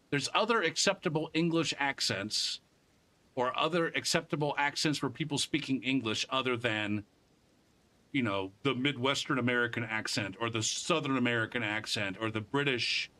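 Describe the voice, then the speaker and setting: A man's voice: mid-range voice, sharp tone. A man streaming a game live, chatting casually in a rambling, profane way with many restarts.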